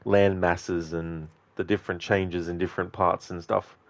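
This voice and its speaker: A man's voice: deep voice, level tone, normal speed, no echo. A man streaming a video game, chatting casually with his live viewers, greeting and answering them by name in a loose, rambling way. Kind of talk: casual chat with live viewers while playing.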